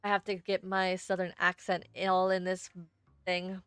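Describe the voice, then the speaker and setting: Young woman, streamer, chatty asides, slow pace, dry sound, quiet music. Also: on the low side, completely flat delivery, clear, resonant tone, no echo. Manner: chatty, self-deprecating asides. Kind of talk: reading a story game aloud with commentary.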